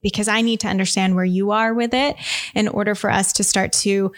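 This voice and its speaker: A woman physical therapist explaining her approach in a conversational interview, energetic and expressive, slipping into the voices of her patients as she talks. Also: medium pitch, a little fast.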